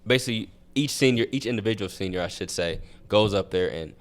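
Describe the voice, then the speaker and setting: A man's voice: on the low side, fast. A young man, a college track athlete, chatting as a podcast guest and telling rambling stories with many restarts. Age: young adult. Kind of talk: casual interview chat.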